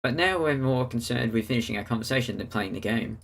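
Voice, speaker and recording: A man reading a visual novel aloud in a steady storytelling manner, narrating and speaking the hero's lines. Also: mid-range voice, quick pace, gravelly. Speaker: let's player.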